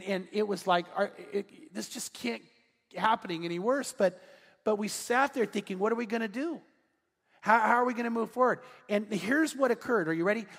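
A male pastor telling a story during a sermon, acting out the dialogue with animated delivery. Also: high voice. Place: large church sanctuary. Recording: church hall reverb.

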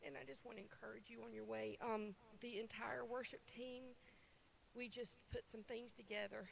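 A woman's voice: on the high side, steady tone, moderate pace, gravelly, slight background noise. A woman from a church worship team, crying as she gives emotional, heartfelt thanks.

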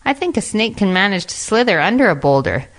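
Brief: a woman putting on a cunning storybook fox, high and sly. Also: very animated, fairly quick, lightly acted. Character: clever male fox, polite then sad.

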